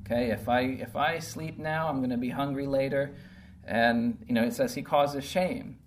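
A man's voice: mid-range voice, steady tone, normal speed, slight background noise. A man giving a casual verse-by-verse Bible lesson, talking conversationally and checking in with his listeners as he goes. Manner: conversational, checks in with "okay?" and "right?". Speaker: Bible teacher.

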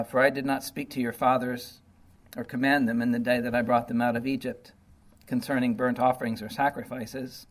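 Guy teaching bible verse by verse, chatty, lots of you know, mid pitch voice. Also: rough recording. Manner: conversational, full of "you know" and "okay"; paraphrases God's voice in a blunt, sarcastic tone.

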